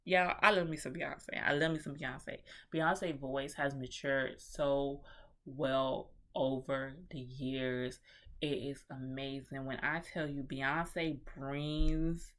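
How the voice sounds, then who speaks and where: A movie reviewer with a notably low, slightly bright voice retells a film in a loose, chatty vlog. She is animated, full of slang and the occasional swear word, and speaks straight to her viewers. Her tone stays steady and her pace is slow.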